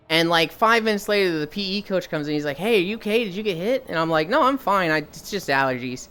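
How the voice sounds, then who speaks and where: A young woman streamer tells casual stories to her chat, swearing freely and acting out the people she quotes in raised voices. Her voice sits low with a fairly bright tone, and faint music plays in the background.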